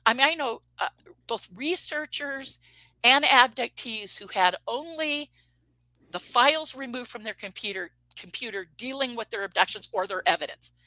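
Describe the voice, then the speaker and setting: In a slightly high voice at a moderate pace, a woman in her fifties tells an interviewer a story from her life, sounding bright and forceful. She performs quoted speech with animation and begins sentences again mid-thought. The recording is close, with no room sound, and low in quality.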